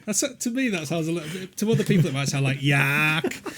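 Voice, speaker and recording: A man's voice: fairly high pitch, expressive, fairly quick, fairly bright tone. A man with a Yorkshire accent, co-hosting a podcast in casual chat, playful and teasing, laughing a lot. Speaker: podcast co-host.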